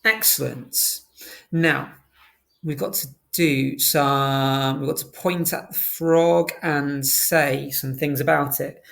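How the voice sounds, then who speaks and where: A primary school teacher, teaching a phonics lesson to young children and slowly sounding out words letter by letter. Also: mid-range voice, fairly even intonation, creaky, fairly bright tone.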